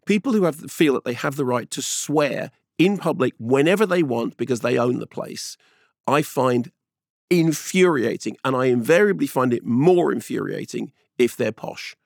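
A middle-aged man from England in casual chat, telling stories in an animated, emphatic, loud way. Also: medium pitch, moderate pace, gravelly, no echo, studio quality. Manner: animated, emphatic storyteller who talks loudly.

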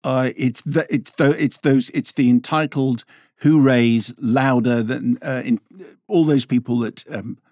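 A middle-aged man in casual chat, talking haltingly with many fillers and restarts. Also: medium pitch, steady tone, a little mellow, no room sound, clean studio sound. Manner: hesitant, halting with frequent fillers.

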